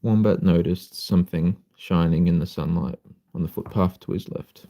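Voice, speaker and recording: A man reading a children's story aloud on a live stream in a sleepy, unhurried way. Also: sits low, fairly even intonation, gravelly, mellow. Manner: sleepy, unhurried, apologizes for slips and coughs.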